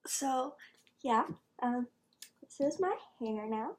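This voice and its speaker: A woman's voice: high-pitched, expressive, slow pace, slight background noise. Bubbly young woman vlogging, gasping. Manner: bubbly, giggly, gasping, drops to whispers. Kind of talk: casual vlog chat.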